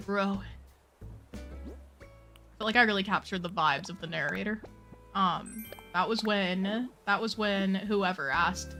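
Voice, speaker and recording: A woman chatting casually on a live stream while she plays a game, playful and opinionated, full of quick asides. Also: medium pitch, sharp tone, soft background music.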